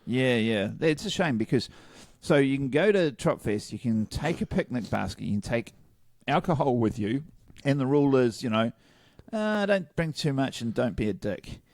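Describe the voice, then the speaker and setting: A man co-hosts a podcast, animated and quick to laugh. His pitch swings widely as he talks. The recording is dry and close. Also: no echo. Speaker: podcast co-host. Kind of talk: casual chat.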